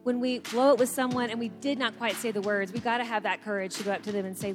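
A woman speaking earnestly to an audience, encouraging and gentle. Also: a little high, steady tone, fast, hardly any pauses, over music. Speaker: co-speaker at a church marriage session.

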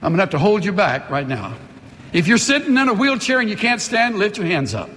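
Impassioned high-voiced male pastor preaching. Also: sing-song, a little fast, a bit bright, long reverb tail. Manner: impassioned, emphatic, leads call-and-response. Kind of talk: sermon with altar call. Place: church sanctuary.

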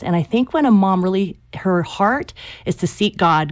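A woman's voice: medium pitch, animated, moderate pace. A woman author speaking as a guest in an interview, earnest and encouraging. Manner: earnest, encouraging, faith-focused. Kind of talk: interview conversation.

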